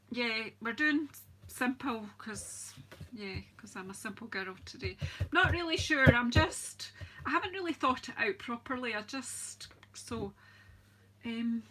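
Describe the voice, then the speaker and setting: A Scottish-accented woman runs her channel's live crafting demonstration, chatting warmly and informally, welcoming viewers and laughing frequently. Her fairly high voice is bright and forceful, and there's a little hiss or hum in the audio.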